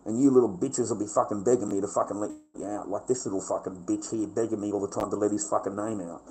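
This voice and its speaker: A man's voice: on the low side, fairly even intonation, fast talker, darkish tone, poor audio. A middle-aged man with an Australian accent, ranting brashly and combatively on a livestream and swearing constantly. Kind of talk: profane livestream rant.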